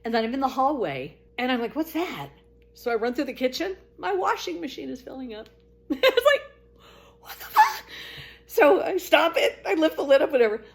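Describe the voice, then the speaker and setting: A middle-aged woman casually telling her own story, animated, jumping to high exclaimed quotes and dropping to low murmurs, laughing as she goes. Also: brisk, gravelly.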